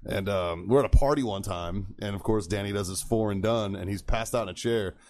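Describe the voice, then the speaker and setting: Man, lowish voice, profane storyteller who laughs through his stories. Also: brisk, darkish tone. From Texas. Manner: profane, laughs often while telling stories. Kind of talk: casual storytelling chat.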